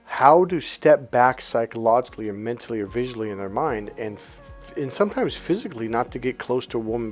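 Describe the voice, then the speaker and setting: Slangy male coach acting out quick dialogues. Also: mid-range voice. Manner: loose, slangy, acts out little dialogues in quotes. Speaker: relationship coach. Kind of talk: casual monologue to camera.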